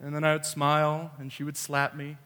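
A man's voice: fairly high pitch, monotone, fairly quick, sharp tone, big-room sound, slight background noise. A man preaching a sermon, telling a family story with playful quoted voices. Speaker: pastor.

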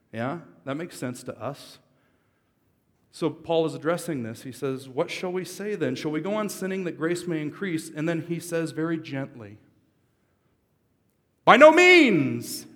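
A man, a pastor, giving a joking, conversational sermon at a church service, with sudden loud bursts of emphasis. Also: mid-range voice. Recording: long reverb of a large hall.

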